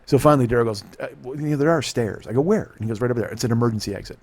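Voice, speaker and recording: A middle-aged man, a podcast host, telling a profane, animated story in casual talk and acting out the dialogue. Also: medium pitch, very fast.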